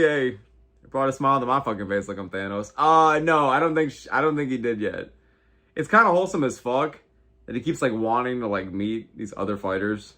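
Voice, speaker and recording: A man's voice: medium pitch, fairly bright tone. An American man in his twenties hosting a casual livestream, reading viewer comments and reacting with slangy, heavy swearing. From United States. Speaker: livestream host.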